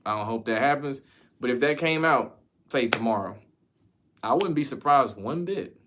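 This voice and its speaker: A man's voice: medium pitch, lively intonation, moderate pace, background noise. A man from the United States chatting casually as a streamer, answering viewer questions in a loose, slangy, profane way. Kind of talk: casual chat.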